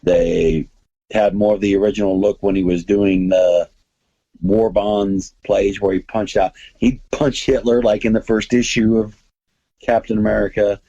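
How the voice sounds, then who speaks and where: A man's voice: lowish voice, little pitch movement, unhurried, gravelly, dark tone, highs cut off. A man hosting a podcast, chatting casually and rambling enthusiastically about comics and movies. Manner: rambling, enthusiastic, many restarts. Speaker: podcast host.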